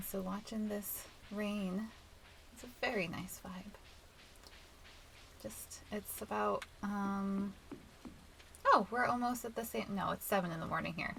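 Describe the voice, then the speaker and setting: A woman with a nasal, stuffed-up voice, chatting softly and rambling as she hosts a relaxed game playthrough. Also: medium pitch, moderate pace, gravelly, slight background noise, rough recording. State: stuffy nose. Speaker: let's play host. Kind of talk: relaxed gameplay commentary.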